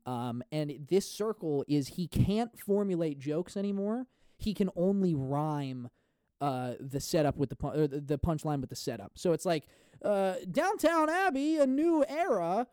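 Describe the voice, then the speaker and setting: A man's voice: on the high side, normal speed, mellow, clean tone, dry recording, studio quality. A man hosting a solo comedy podcast, rambling through profane, goofy, self-mocking jokes into a podcast microphone. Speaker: podcast host. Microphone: studio podcast microphone.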